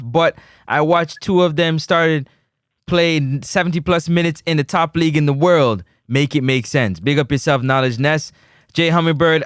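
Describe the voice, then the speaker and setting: A man hosting a live sports talk show, reading out viewer comments and giving shout-outs. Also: a little high, clean tone, dry recording, studio quality. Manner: reads chat messages aloud, gives shout-outs. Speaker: host.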